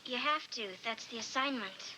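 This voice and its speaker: A strict, fed-up biology teacher, played by a woman in a 1990s sitcom. Her high voice is brisk and stern, over a clear hiss from an old TV copy. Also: close to an everyday voice. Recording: hissy TV recording.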